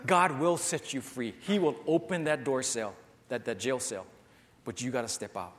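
A man's voice: mid-range voice, animated, normal speed. Man preaching in a reverberant hall. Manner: emphatic, repetitive preaching straight to the listeners. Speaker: pastor. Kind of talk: sermon. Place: church before a congregation.

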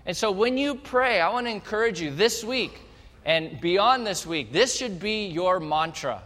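A male pastor preaching a sermon, telling the story with animated energy and speaking straight to the congregation. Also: high-pitched, unhurried. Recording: long hall reverb.

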